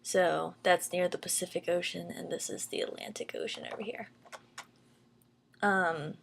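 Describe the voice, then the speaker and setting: A young woman from the Southern United States with a Southern American accent, explaining things casually and slowly in a rambling vlog full of fillers. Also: mid-range voice, creaky, breathy edge. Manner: rambling, many fillers and restarts; speaks slowly for a learner.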